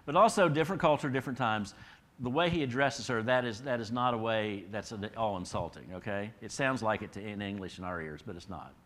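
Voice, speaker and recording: A man's voice: lowish voice, brisk. Conversational middle-aged male pastor preaching. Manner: conversational, asks the listeners rhetorical questions; swings between emphatic rises and quiet drops. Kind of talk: expository sermon.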